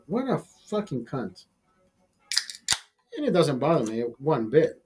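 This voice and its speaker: Host type, a man, crude and petty storyteller, a touch higher-pitched, husky, light music under him. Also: expressive, normal speed, a little mellow. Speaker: livestream host. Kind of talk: profane storytelling rant.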